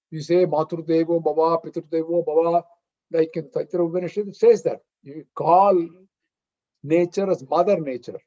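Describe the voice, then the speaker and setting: A man with a fairly high voice delivers a devotional lecture over a video call. He talks earnestly and patiently, posing questions and then answering them himself. The sound is slightly muffled and lo-fi. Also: mellow. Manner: earnest, explains terms patiently with rhetorical questions. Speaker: spiritual discourse speaker.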